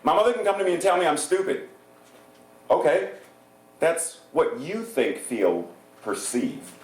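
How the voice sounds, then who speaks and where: Lively, animated male preacher. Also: a little high, unhurried. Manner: animated, playful, laughs often. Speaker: guest minister. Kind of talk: sermon. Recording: echoey church hall.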